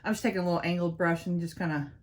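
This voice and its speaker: A woman's voice: fairly low pitch, steady tone, very fast. A young woman chatting playfully through a makeup tutorial as a beauty vlogger. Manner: playful, self-teasing, talks to viewers as y'all.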